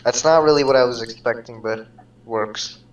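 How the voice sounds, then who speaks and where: A man's voice: mid-range voice, moderate pace, recorded from a distance, lo-fi sound. A man making dry, understated remarks during a streamer's casual chat. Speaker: guest on a stream.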